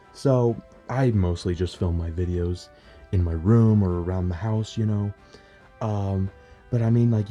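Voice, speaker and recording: A man's voice: fairly low pitch, dark tone. A young man in a chatty, rambling, self-deprecating tutorial vlog, talking at home as a plush video creator. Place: bedroom at home.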